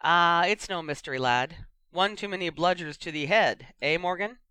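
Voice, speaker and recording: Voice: medium pitch, moderate pace, sharp tone, smooth, no echo, lightly acted. A reader voicing a blunt, teasing retired woman player who now works as a sports pundit, reading it in an audiobook. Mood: gruff teasing.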